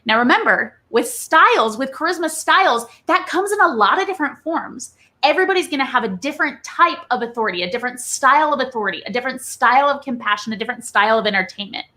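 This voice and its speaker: A woman guest in an interview, explaining a charisma framework in an animated coaching manner with frequent "right?" check-ins. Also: high voice, quick pace, few pauses. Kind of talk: conversational interview.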